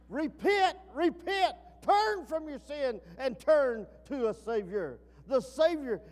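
A man preaching a sermon, swinging from emphatic peaks down to low, quiet asides. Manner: rising to emphatic peaks then dropping low. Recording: long reverb.

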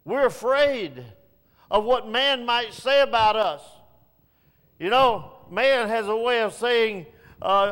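A man preaching a sermon, dropping to hushed low passages and rising to pleading, raised lines. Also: slow, clean tone, in a large hall.

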